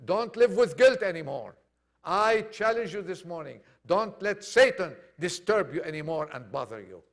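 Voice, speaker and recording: A male preacher delivers a sermon to his congregation in a high-pitched voice. He acts out quoted dialogue with feeling, rising to loud declarations and dropping to near hushes. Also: lively intonation, normal speed. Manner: impassioned, dramatic swings from loud to hushed. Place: church congregation.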